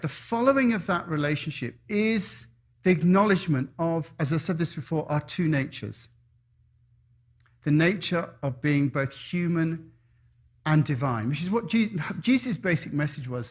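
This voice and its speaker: A man's voice: on the high side, moderate pace. A man preaching a sermon in a chapel, telling stories with a repetitive, rhythmic cadence. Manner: storytelling, repetitive cadence, animated voices in anecdotes. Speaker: pastor.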